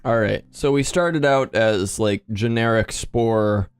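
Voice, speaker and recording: A man's voice: lowish voice, slow, clean tone, soft background music. A man, tipsy, co-hosting a let's play at home and bantering about the game with his partner. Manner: bantering, argumentative. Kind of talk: casual gaming chat.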